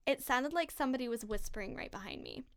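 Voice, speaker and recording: A young woman hosting a podcast, telling a story in casual chat, animated and peppered with "like" and swearing. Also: fairly high pitch, fast talker, vocal fry, slight background noise. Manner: animated, swearing, heavy use of "like". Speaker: podcast host.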